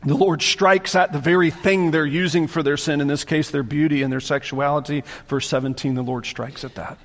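Man, pastor preaching a sermon, slightly high voice, emphatic repeated phrases, long hall reverb. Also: steady tone, a little fast. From Southern United States. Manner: emphatic, repeats phrases for force, drops to quiet low tones.

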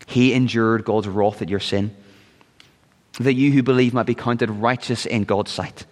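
A man's voice: mid-range voice, fairly even intonation, measured pace. A man preaching a sermon as pastor, earnest and at times rising into urgent, pleading appeals. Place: church sanctuary. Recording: long reverb of a church hall.

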